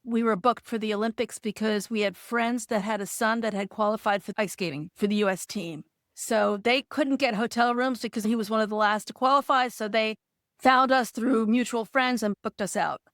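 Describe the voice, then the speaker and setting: A woman being interviewed as a podcast guest. She tells a story in an animated way, acting out the dialogue and laughing now and then. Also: a little high, moderate pace, no echo, clean studio sound.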